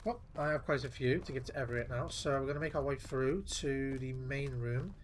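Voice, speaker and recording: A man talking casually over his gameplay, muttering and swearing in an offhand way. His voice sits at an ordinary middle pitch, with a faint hum of noise underneath. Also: fairly quick. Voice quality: offhand, profane, muttering to himself. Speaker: gameplay streamer.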